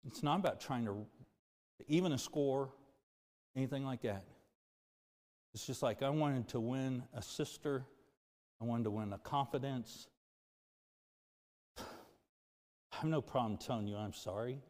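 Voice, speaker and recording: A pastor preaching a sermon, moving from loud, emphatic lines to low, quiet confession. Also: male voice, a little slow, pauses often. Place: church sanctuary. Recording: music and long reverb of a church hall.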